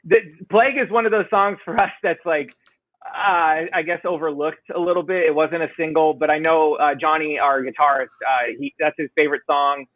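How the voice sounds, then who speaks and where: A man's voice: on the high side, fairly even intonation, moderate pace, no echo, narrow, tinny audio. A man being interviewed on a podcast as a band vocalist, talking in a rambling, self-deprecating way with many fillers. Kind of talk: casual interview chat.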